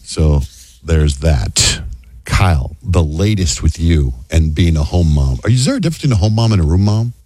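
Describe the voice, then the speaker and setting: A man's voice: low voice, expressive, moderate pace, a little mellow, husky, dry recording, studio quality. A man hosting a radio chat show, leading the talk and asking follow-up questions. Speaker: radio host. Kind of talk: casual chat.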